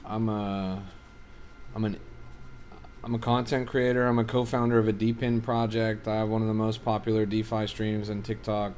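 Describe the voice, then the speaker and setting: A crypto trader livestreams with a fairly low, slightly mellow voice, flat delivery and normal speed, under a little hiss or hum. His commentary is casual, offhand and often profane as he reads and answers chat.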